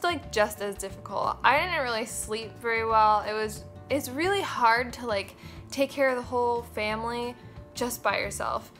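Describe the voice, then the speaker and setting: A young woman in her twenties talks to her viewers in a loose, chatty way, scattering fillers and acting out little quoted asides. Her voice sits a little high for a woman, and she swears casually and candidly. Faint music plays softly under her. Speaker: vlogger. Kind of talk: casual chat.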